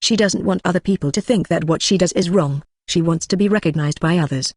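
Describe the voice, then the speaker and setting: A text-to-speech voice narrating a translated web novel as an audiobook, with a flat, even delivery that reads punctuation aloud. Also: mid-range voice, brisk, hardly any pauses, no echo, studio quality. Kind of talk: scripted narration.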